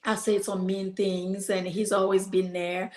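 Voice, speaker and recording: A woman's voice: mid-range voice, flat delivery, measured pace, darkish tone, roomy sound. A woman guest on a podcast, telling a personal story earnestly and animatedly, quoting her own prayers.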